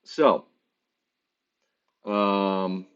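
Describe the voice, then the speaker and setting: A man's voice: low-pitched, fairly even intonation, drawn-out words, noisy background. A man running a tabletop game as game master, talking casually with many fillers. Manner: hesitant, lots of fillers. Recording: lo-fi muffled mic.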